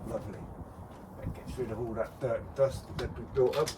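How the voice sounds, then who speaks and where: A man's voice: medium pitch, fairly even intonation, brisk, background noise. A man, a window cleaner rambling casually to camera while working outdoors. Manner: chatty, rambling storytelling. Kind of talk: casual on-the-job rant to camera. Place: outdoors on a street job.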